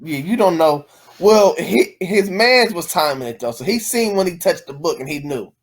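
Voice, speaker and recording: A man co-hosting a podcast, relaxed, chiming in with short comments and questions about a movie. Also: a little high, moderate pace. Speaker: podcast co-host. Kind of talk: casual movie recap chat.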